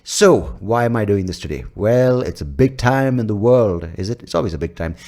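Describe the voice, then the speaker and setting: Fairly low and darkish in tone, this Indian-accented podcast host speaks animatedly at a moderate pace. Alone on his comedy show, he rambles crudely and mocks himself into a studio mic with a pop filter.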